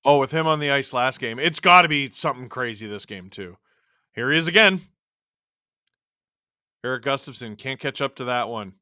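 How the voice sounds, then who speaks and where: A man hosts a live stream, calling a hockey game casually and reacting to it as it unfolds. His bright, pushed-forward voice has deepened from long hours of talking. The sound is close and dry. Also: lively intonation, moderate pace, pauses often, smooth, no echo. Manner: chatty, reacting to the game and chat as it happens. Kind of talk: casual live play-by-play and chat.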